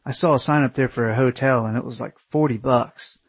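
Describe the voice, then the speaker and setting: A man's voice: medium pitch, steady tone, a little fast, breathy edge, no echo. A man voicing a stingy, stubborn young male travel companion who talks in a dismissive, matter-of-fact way.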